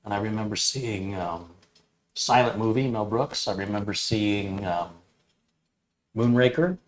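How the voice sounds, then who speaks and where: A man's voice: fairly low pitch, measured pace. Man reminiscing in casual chat. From Detroit area. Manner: reminiscing, listing things from memory. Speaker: co-host.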